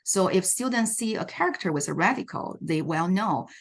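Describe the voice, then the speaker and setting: Her voice is on the low side and expressive, moving at normal speed. She's a Chinese language teacher walking through teaching strategies on a video call for an online workshop, explaining with many fillers and self-corrections.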